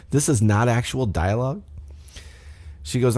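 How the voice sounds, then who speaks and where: A man's voice: medium pitch, a little slow, darkish tone. A man hosting a podcast who recaps a wrestling show in a casual, rambling, profane way and often corrects himself, speaking into a desk microphone. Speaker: podcast host.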